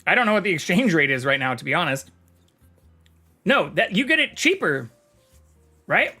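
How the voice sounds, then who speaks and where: Bright-voiced man streaming casually. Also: high-pitched, big pitch swings, normal speed, breathy edge, soft background music. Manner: chatty, swears casually, reads chat aloud. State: talking with mouth full. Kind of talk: casual live-stream chat.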